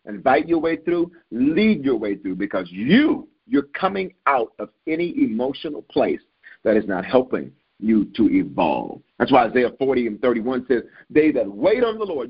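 A man preaching a sermon to leaders, repeating lines for emphasis and swinging his pitch up and down as he builds. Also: very animated, moderate pace, vocal fry, husky, muffled recording.

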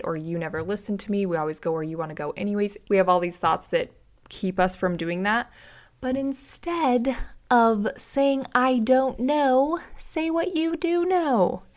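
A woman in her thirties, a relationship coach talking through a solo podcast episode, lively and quick to act out little quoted dialogues. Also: fairly low pitch.

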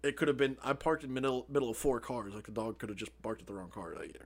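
A man's voice: medium pitch, steady tone, fast. Young man telling a profane story. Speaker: podcast co-host. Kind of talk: casual storytelling chat.

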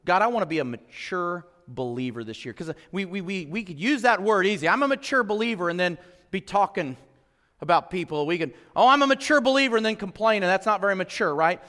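A middle-aged male pastor preaching a sermon in a church, conversational and swinging between quiet reflection and emphatic exhortation. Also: sits high, expressive, a little fast. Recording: long hall reverb.

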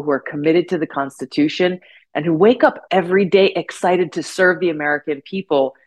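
A woman's voice: deep voice, lo-fi sound. Earnest woman giving a rousing political message. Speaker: guest politician. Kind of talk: political speech in interview.

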